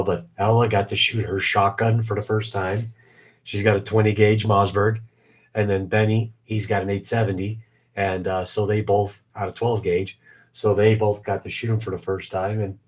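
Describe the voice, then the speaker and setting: A man's voice: on the low side, little pitch movement, moderate pace, breathy edge. A man in his forties hosting a casual live stream, rambling with many fillers, his voice weak and short of breath. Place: home basement shop.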